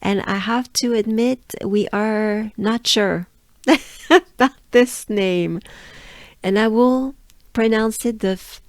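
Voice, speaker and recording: A French woman with a French accent teaching pronunciation, drawing out syllables slowly and encouraging listeners to repeat after her. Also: on the high side, dry recording. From France. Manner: slow, drawn-out syllables repeated for practice. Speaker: pronunciation coach. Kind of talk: pronunciation lesson.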